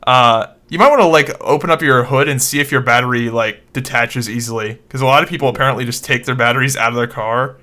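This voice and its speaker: Bright, easygoing male co-host. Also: medium pitch, quick pace, hardly any pauses. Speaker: podcast co-host. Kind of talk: casual podcast chat.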